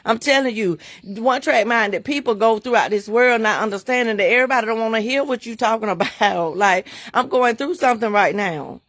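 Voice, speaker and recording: A middle-aged woman preaches on a livestream with a fairly high voice. She talks in emphatic, repetitive bursts and laughs often. The sound is dry, with no room echo. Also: fairly quick, hardly any pauses, fairly bright tone. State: emotional, near tears. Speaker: livestream host and bookstore owner.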